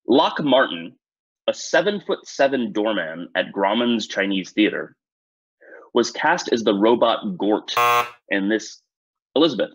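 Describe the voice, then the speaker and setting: A man hosting a trivia quiz in a relaxed, self-deprecating way, with many "uh"s and "um"s, on a dull, dry, lo-fi recording. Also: on the low side, slow, long pauses, husky, dry recording. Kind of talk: casual quiz-show hosting.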